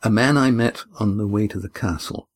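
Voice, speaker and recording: A man's voice: fairly low pitch, normal speed, close to an everyday voice. A man voicing a defiant, impatient young man in an audiobook, speaking earnestly and insistently.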